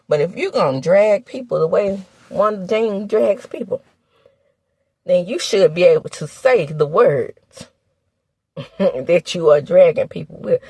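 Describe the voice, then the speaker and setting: A woman from the American South with a Southern accent, recapping reality TV in sassy, animated casual commentary. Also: husky, dry recording. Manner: sassy, animated, with laughs and sudden high exclamations.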